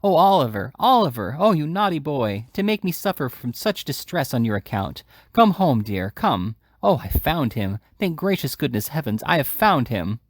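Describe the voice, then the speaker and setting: A man voicing a dramatic, wheedling young woman of the streets in an audiobook reading, with a high, theatrical wailing voice. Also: very animated, normal speed, few pauses, no echo, clean studio sound. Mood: hysterical.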